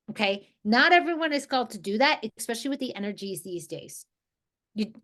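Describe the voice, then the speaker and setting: A woman from New Jersey leading an energy healing group over a video call, talking in a relaxed, rambling way with many restarts. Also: mid-range voice. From New Jersey, USA. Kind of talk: casual guided group talk.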